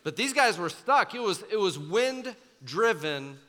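A young man preaching to students as a youth pastor, telling the story in a casual, animated way with many fillers. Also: high-pitched, a little slow. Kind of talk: sermon. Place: church auditorium. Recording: large hall with long reverb, faint music.

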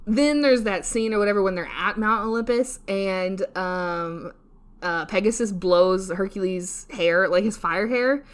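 A woman's voice: mid-range voice, measured pace, clear, resonant tone. A young woman co-hosting a podcast, talking in a loose, meandering way. She laughs often, trips over her words and restarts, and swears casually. She keeps making fun of herself. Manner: rambling, self-deprecating, giggly, swears casually. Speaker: podcast co-host. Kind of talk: casual solo podcast rant.

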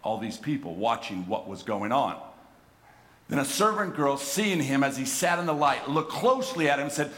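A middle-aged man preaching a sermon, swinging from hushed reflection to loud, impassioned emphasis and often repeating words as he restarts phrases. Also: mid-range voice, big pitch swings, normal speed. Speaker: pastor.

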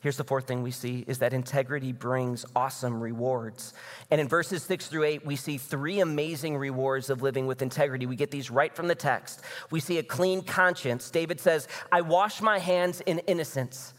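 A man from the American Midwest preaching a conversational sermon as pastor, building to emphatic, energetic passages. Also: medium pitch, normal speed. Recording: long reverb of a large hall.

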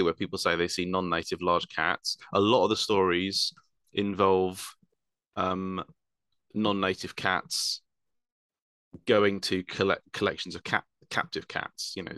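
A man's voice: on the low side, sharp tone, dry recording. A man explaining wildlife at length in casual chat, rambling with fillers and self-corrections.

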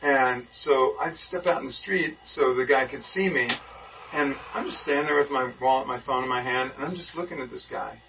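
Speaking at a normal speed in a mid-range voice, a man livens up a Bible study discussion with an energetic tale, acting out each character's voice. He sounds muffled and far from the mic, with a slight hiss in the background.

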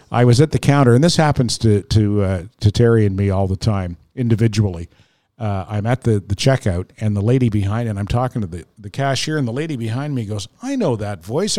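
A man's voice: fairly low pitch, no room sound, clean studio sound. A middle-aged man, co-hosting a podcast in casual chat and telling stories with acted-out quotes. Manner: animated storyteller, acts out quoted voices. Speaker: podcast co-host.

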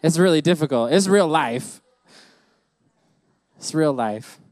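A man's voice: a little high, animated, takes it slowly, darkish tone, no echo. Playful pastor, man, dry sound. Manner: playful, laughing asides. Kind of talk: sermon. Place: church service.

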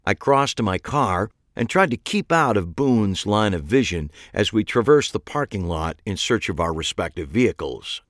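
A man's voice: lowish voice, very animated, moderate pace, few pauses, fairly bright tone, dry recording. A man narrating a first-person story in a dry, wry way.

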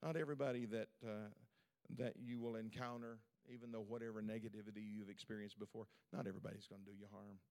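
A man's voice: lowish voice, flat delivery, fast talker, a little mellow. A male pastor preaching a sermon at a church service in a fervent, conversational way, with lots of repetition.

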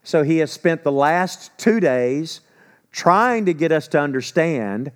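A male preacher with a slightly high voice delivers his sermon in a loose, conversational way. He asks rhetorical questions and answers them himself. He acts out people's words in a casual, everyday voice. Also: expressive, takes it slowly. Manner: acts out quoted speech in a casual voice. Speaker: pastor.

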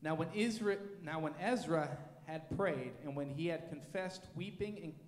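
A man reading scripture aloud in a church with a steady, measured delivery. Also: on the high side. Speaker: scripture reader. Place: church sanctuary. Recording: echoey church hall with long reverb.

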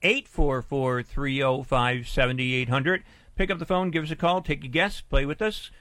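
A man's voice: medium pitch, normal speed, a bit bright, dry recording. A man hosting a pet radio show, chatting casually and repeating the call-in number.

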